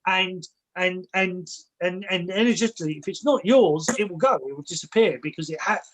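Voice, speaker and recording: A man's voice: sits high, fairly quick, fairly bright tone, a little hiss or hum, rough recording. A man speaking as a guest in a casual interview, reflective and rambling, often repeating words and restarting his sentences as he explains ideas through personal stories. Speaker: guest, spiritual and martial arts teacher.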